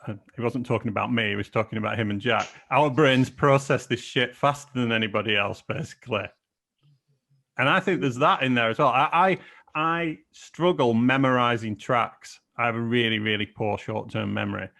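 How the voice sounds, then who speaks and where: A man chats on a podcast with a mid-pitched, everyday voice. He is casual and candid, and he pokes fun at himself. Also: normal speed, creaky, bright, forceful tone. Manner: casual and candid, self-deprecating. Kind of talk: podcast conversation.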